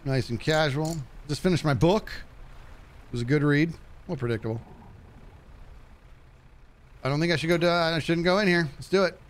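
A man's voice: moderate pace, pauses often. A man giving chatty live commentary while playing a fishing game, reading chat and yelping when things go wrong. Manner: animated, chatty, jumps to high panicky yelps.

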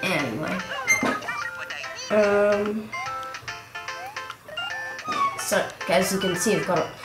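A woman with a cough gives rambling, chatty gameplay commentary on a walkthrough, exclaiming at the action while coughing and clearing her throat. Her voice is mid-range and slow, and the recording is roomy with game music behind.

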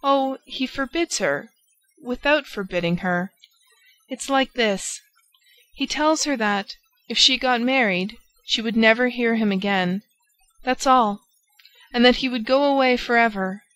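A woman's voice: on the high side, a little slow, a bit bright. A woman voicing a cheerful, affectionate old lady in an audiobook, speaking gaily and fondly. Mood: confiding. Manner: gay, affectionate, chiding. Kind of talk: audiobook character voice.

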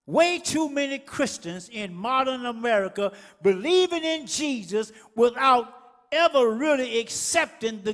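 High, bright-voiced fiery preacher. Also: male voice. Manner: fiery call-and-response preaching, shouting at peaks. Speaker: pastor. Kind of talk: sermon. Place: church sanctuary. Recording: echoey church hall.

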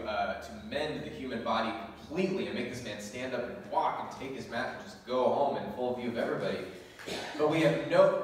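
A male pastor preaching a sermon, reading scripture aloud and telling the story with lively, animated asides and laughs. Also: mid-range voice, a little hiss or hum. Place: church sanctuary. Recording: echoey church hall from far off.

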